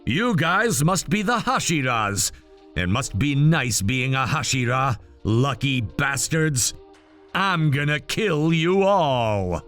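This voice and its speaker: A man voicing a spiteful male demon who drawls his taunts slowly. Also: mid-range voice, big pitch swings, fairly bright tone, soft background music. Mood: resentful.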